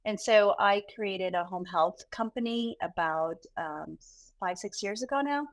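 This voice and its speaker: A woman's voice: mid-range voice, a little slow, poor audio. A woman neonatologist and mother of four, talking animatedly in a podcast interview and laughing often. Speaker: guest neonatologist. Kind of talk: conversational interview.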